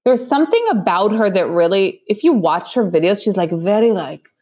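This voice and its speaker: A young woman co-hosting a casual gossip podcast, talking in an animated way with lots of fillers and quick mock impressions. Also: medium pitch. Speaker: podcast co-host.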